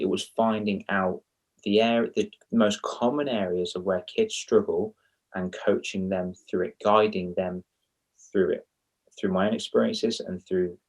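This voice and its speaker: A man speaking as a guest in a casual interview, a children's confidence coach who talks in an animated, rambling way with self-mocking asides. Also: sits low.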